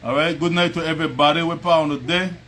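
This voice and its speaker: High-voiced Belizean man chatting over music. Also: quick pace. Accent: Belizean Creole English. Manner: relaxed, chatty, laughs often, greets viewers by name. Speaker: livestream host. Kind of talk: casual livestream chat with viewers. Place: at home. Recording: music playing behind.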